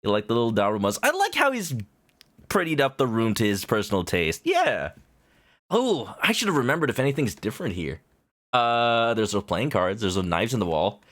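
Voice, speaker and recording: A man's voice: mid-range voice, very animated, normal speed, fairly bright tone. A young adult man streaming a game, chatting playfully as he reads along. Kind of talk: gameplay commentary.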